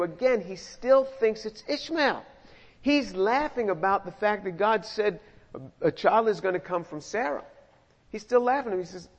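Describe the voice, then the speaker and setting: A fairly high-voiced middle-aged man preaching verse by verse, talking like he's chatting with the congregation and repeating himself as he thinks. The sound is muffled and carries a long hall reverb. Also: unhurried. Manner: conversational, repeats words, animated asides. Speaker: pastor. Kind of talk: verse-by-verse sermon.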